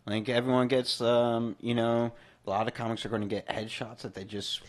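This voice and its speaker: A man's voice: medium pitch, little pitch movement, normal speed. A man hosting a podcast, chatting casually and cutting in with wry questions. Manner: wry, interjecting with short questions and reactions. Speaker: podcast host. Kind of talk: casual chat.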